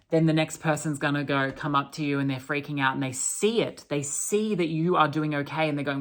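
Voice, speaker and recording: Aussie woman doing a channelled spiritual talk, earnest, kinda low voice, lots of restarts. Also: steady tone, moderate pace.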